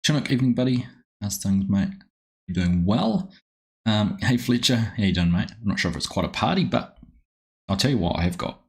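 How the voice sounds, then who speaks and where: A man's voice: low-pitched, expressive, moderate pace, vocal fry. A man with a New Zealand accent hosting a live game stream, chatting casually and greeting viewers by name.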